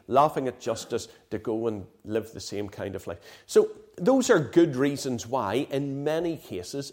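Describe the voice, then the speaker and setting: A man's voice: mid-range voice, a little mellow. A man preaching a sermon in an impassioned, emphatic way, often asking his listeners "right?".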